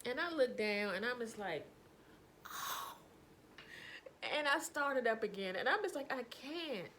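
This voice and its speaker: Woman vlogger, casual anecdote style, expressive and high, light room noise. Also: a little fast. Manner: animated, laughing through anecdotes. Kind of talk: casual storytelling.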